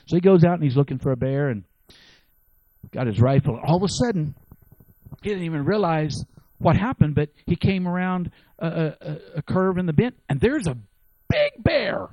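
A man preaching a sermon, telling stories and building to loud, emphatic exhortation. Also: a little high, expressive, normal speed, dry recording, lo-fi sound.

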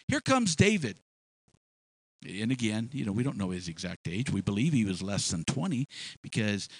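A male preacher giving a sermon, retelling a story in an animated way with many restarts and repeated words. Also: mid-range voice, dry recording.

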